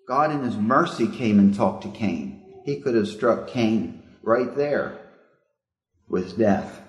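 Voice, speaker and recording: A man's voice: fairly low pitch, expressive, slow pace, roomy sound. A male preacher giving a sermon in a reflective, questioning way. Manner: reflective, asks the listeners questions.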